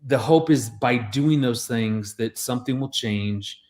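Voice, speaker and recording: A man's voice: medium pitch, a little slow. A man in his forties, a marriage expert and radio guest, telling stories earnestly and with energy, often restarting his sentences. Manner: earnest, animated storyteller with many restarts. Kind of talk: radio interview storytelling.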